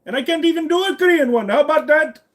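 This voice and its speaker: A pushy tech-support scam caller with an Indian accent, put on by a man. His voice sits well above a normal speaking pitch and bounces up and down in a sing-song way. He keeps insisting he can help with everything. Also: lively intonation, quick pace, a bit bright. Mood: chatty. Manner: overly helpful, insistent.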